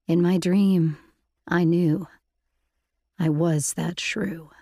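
A woman narrates an audiobook in the first person, with reflective, intimate storytelling. Her voice sits low and carries a gravelly texture. The recording is close and completely dry. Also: steady tone, extremely slow, mellow, no room sound.

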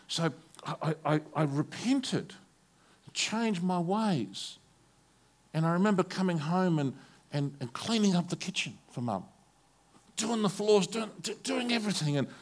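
An older man with an Australian accent, a pastor preaching a sermon and telling stories from his own life. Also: medium pitch. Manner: storytelling, rising to forceful preaching.

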